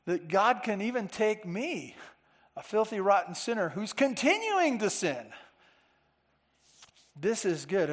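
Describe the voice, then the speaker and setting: High-voiced preacher in a reverberant hall. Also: male voice. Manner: earnest, repeats phrases for emphasis. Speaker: pastor. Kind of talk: sermon. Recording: long reverb of a large hall.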